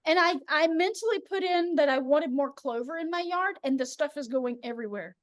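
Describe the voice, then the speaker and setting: Woman w/ a high voice chatting about spiritual stuff, lively storyteller, dry close sound. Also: brisk, no echo. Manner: animated storyteller, acts out voices in quotes. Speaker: host. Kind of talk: casual spiritual chat.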